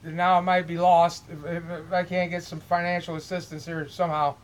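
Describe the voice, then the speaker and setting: Middle-aged man vlogging from his home: high, monotone, aggrieved, restarting his sentences as he goes. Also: a little fast, low-quality recording. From Illinois, US. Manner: repeats words, restarts, aggrieved. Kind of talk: rambling monologue to camera.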